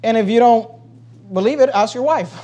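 A male pastor preaching a sermon, emphatic, swinging between loud and hushed and repeating phrases to drive his point home. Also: very high-pitched, fairly quick.

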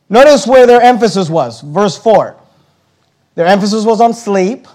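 Emphatic high-voiced preacher. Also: male voice, darkish tone. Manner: emphatic, slows on key words, repeats himself. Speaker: pastor. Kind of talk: sermon.

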